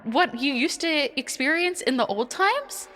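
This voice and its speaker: A woman's voice: high-pitched, animated, unhurried, pushed and bright, pitched above the performer's own voice, full character voice. A woman doing a sweet, overly polite adventurer girl. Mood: courteous. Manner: overly courteous and eager.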